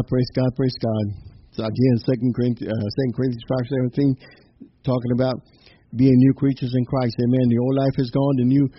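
A man preaching a sermon who keeps dropping in "amen" and "hallelujah" and often repeats or restarts his words. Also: mid-range voice. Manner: punctuates phrases with "amen" and "hallelujah". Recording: dull muffled recording with faint noise.

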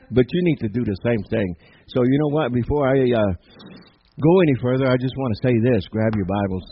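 A male pastor delivers an emphatic sermon to his congregation, calling out amens between lines. His voice is husky and mid-pitched, and the church recording sounds dull and muffled. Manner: emphatic call-and-response preaching with frequent amens. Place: church sanctuary.

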